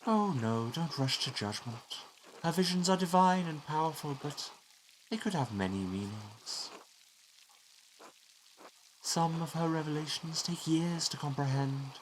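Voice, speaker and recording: A man voicing a pious, gentle older village priest in a game, reading his lines in a solemn, measured way. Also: a little high, lively intonation, a little hiss or hum, pitched above the performer's own voice, poor audio.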